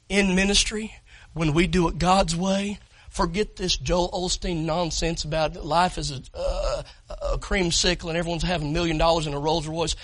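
A man preaching a sermon, impassioned, shouting and near tears at the peaks. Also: high-pitched, moderate pace, dry recording, low-quality recording. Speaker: pastor.

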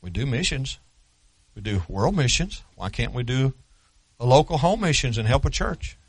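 A man preaching a sermon as pastor, swinging from loud emphatic preaching to low quiet asides. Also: big pitch swings, moderate pace, slightly rough, dry recording, rough recording.

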